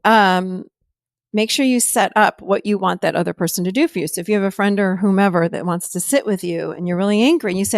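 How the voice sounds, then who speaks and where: A woman hosts a podcast and explains things in a relaxed teaching manner. She is animated and slips into little acted-out dialogues. Her voice sits at a middle pitch and is recorded dry and close. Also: fast talker, no echo. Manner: animated, acts out quoted dialogue. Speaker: podcast host and therapist. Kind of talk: casual conversational teaching.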